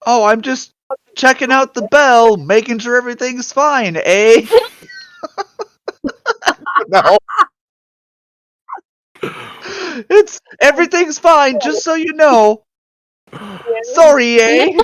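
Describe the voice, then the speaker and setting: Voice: high voice, very slow, pauses often, no echo, pitched above the performer's own voice. A player voicing a nervous guard who bluffs in a put-on Canadian accent and rambles. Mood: flustered bluffing. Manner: flustered, rambling, with a tacked-on "eh".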